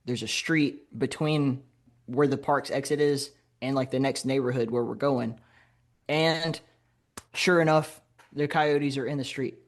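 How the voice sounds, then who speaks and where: Male podcast guest, grew up in Alabama, mid-range voice, spins an anecdote with lively laughs. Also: mid-range voice, unhurried. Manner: lively anecdote telling, laughs while talking. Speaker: podcast guest, game designer. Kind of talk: casual conversational storytelling.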